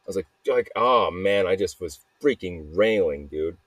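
Deep-voiced man rambling in a dry recording. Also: animated, moderate pace, breathy edge, no echo. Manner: rambling and repetitive, peppered with "man" and "dude", profane. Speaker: podcaster sending a voice message. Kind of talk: casual rambling confessional monologue.

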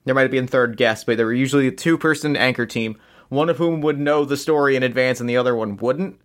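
A man's voice: medium pitch, quick pace. A man co-hosting a podcast in casual chat, easygoing and explanatory. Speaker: podcast co-host.

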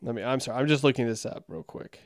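A man's voice: medium pitch, fast talker, no echo, clean studio sound. A man giving casual, critical commentary on a sermon, thinking aloud and reading passages. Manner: critical, wry, thinks aloud, reads scripture aloud. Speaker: sermon reviewer.

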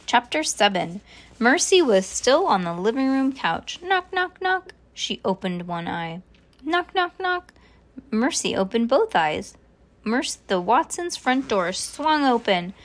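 A woman reading a children's chapter book aloud, voicing the characters with lively jumps in pitch. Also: a little slow. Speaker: reader.

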